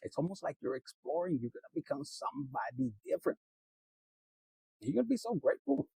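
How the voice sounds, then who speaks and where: A man's voice: a little high, very animated, brisk, gravelly, mellow, breathy edge, dry recording, low-quality recording. A man giving a rambling, casual tarot reading, laughing often, swearing freely and slipping into Spanish. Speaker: tarot reader.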